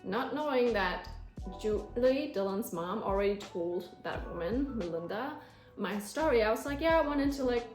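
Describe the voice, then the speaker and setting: Young woman vlogging a story, kinda high voice, all worked up, echoey room w soft music. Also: normal speed. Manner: emotional, animated storytelling, close to tears at times. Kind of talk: storytelling vlog.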